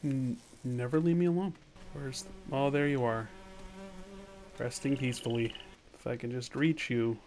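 A man hosting a let's play gaming video, casually chatting and scolding the game out loud, swinging between shouts and mutters. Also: medium pitch, moderate pace, pauses often, a little hiss or hum. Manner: animated, yelling at the game, then muttering. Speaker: gaming channel host.

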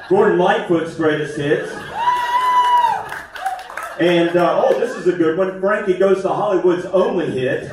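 A man tells self-deprecating stories in a folksy, conversational stand-up set. His voice sits a touch high. The sound is very echoey and caught from a distance, as on a small theater stage. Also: a little mellow. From West Virginia. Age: 50s. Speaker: stand-up comedian. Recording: echoey theater, mic far off. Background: audience laughter.

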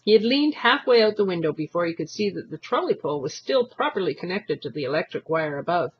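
A man's voice: high voice, fast, highs cut off. A man reading a young adult novel aloud, narrating expressively. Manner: expressive reading, voicing thoughts and characters. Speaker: audiobook reader. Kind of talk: storybook narration.

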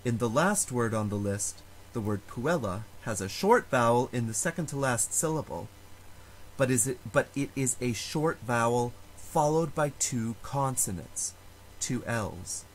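A man at an ordinary pitch gives a recorded Latin lecture, his voice rising and falling in a lively way as he works through the rules. He explains slowly and with care, sounding out each example word, over a faint hiss of background noise. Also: rough recording. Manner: slow, careful explanation with spoken examples. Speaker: Latin teacher.

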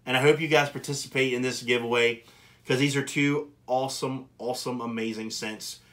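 Brief: male channel host, mid-pitched voice, upbeat and emphatic, casual review-to-camera delivery. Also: fairly even intonation, brisk, fairly bright tone.

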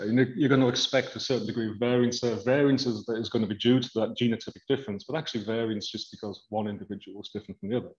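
A man lecturing on research, walking the audience through slides in a measured, hedging way. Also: mid-range voice, a little mellow, lo-fi sound. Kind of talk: academic lecture.

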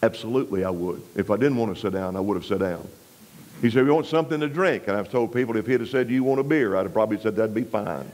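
A man from West Texas, preaching a revival sermon in a folksy storytelling way, dropping low and quiet for emphasis and pressing harder on scripture. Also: quick pace, slight background noise, poor audio.

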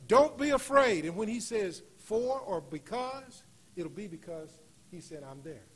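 A man preaching a sermon in a church, slowing on key phrases and rising to loud, emphatic peaks. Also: sits high, very animated. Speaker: guest preacher. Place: church sanctuary.

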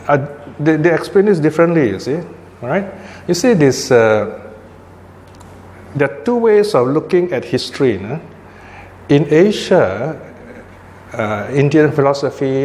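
A man's voice: medium pitch, a little mellow. A man giving a dharma talk as a Buddhist teacher, explaining patiently and often checking with his listeners. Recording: long hall reverb, faint background noise.

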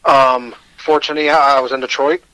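A man's voice: mid-range voice, steady tone, fast talker, pushed and bright, clean tone, no echo, low-quality recording. A man with a Michigan accent, telling his personal story as a radio guest, candid and self-deprecating, with hesitant restarts.

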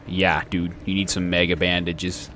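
A man's voice: low-pitched, little pitch movement, normal speed. A man hosting a gaming channel, chatting casually as he plays and talking back to the game characters. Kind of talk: let's play commentary.

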